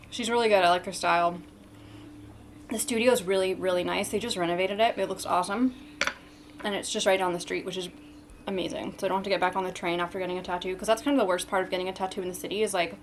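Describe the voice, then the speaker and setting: A woman's voice: lowish voice, slight background noise. A young woman in her twenties chatting casually to camera in a vlog, with frequent ums, sometimes talking with her mouth full. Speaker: vlogger.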